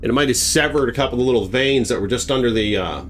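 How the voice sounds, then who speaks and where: A man's voice: mid-range voice, fast, fairly bright tone, faint music behind. A man telling a horror story in a casual, rambling way, full of fillers and restarts.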